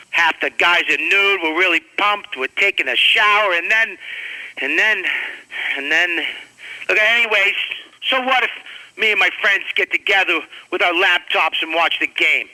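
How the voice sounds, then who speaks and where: A man's voice: high-pitched, bright, forceful tone, exaggerated voice, low-quality recording. An actor playing an awkward male radio caller who speaks in a whiny, defensive, rambling way.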